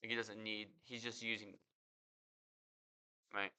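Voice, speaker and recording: Man, podcast host, casual manga reaction, reads panels aloud then comments, clean smooth voice. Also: on the low side, little pitch movement, measured pace, sharp tone.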